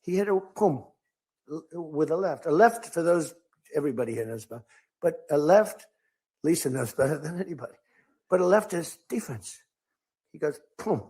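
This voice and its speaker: A man's voice: a little high, animated, normal speed, long pauses, a little mellow, slightly rough. An older man giving a rambling, off-script speech to a crowd, telling stories and acting out quoted lines in other voices. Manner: storytelling, acts out quotes in different voices. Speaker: political speaker.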